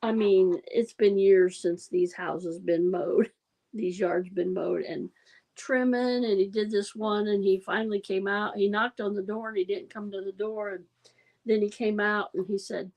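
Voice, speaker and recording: A woman's voice: mid-range voice, steady tone, a little slow, darkish tone, poor audio. A woman hosting a casual livestream, telling rambling stories and laughing often as she chats with viewers. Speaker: livestream host. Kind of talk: casual chat.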